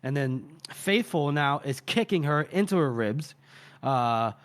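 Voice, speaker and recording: Dude on a book podcast retelling a scene, fairly high voice, rambles and swears a lot. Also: male voice, a little slow. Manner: rambling, animated, profane, with many fillers. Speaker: podcast co-host. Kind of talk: casual chat, retelling a book chapter.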